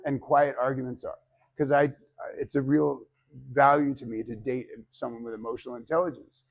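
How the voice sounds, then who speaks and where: Animated man teaching public speaking. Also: mid-range voice, normal speed. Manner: animated, acts out quotes, swears casually. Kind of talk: informal class lecture.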